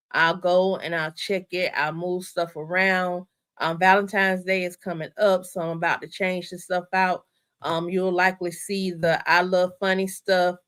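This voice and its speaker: A bright, forceful-sounding woman hosts a casual livestream. She talks straight to her viewers, excitable and chatty, and keeps repeating her instructions so nobody misses them. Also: fairly low pitch. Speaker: channel host. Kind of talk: casual livestream store walkthrough.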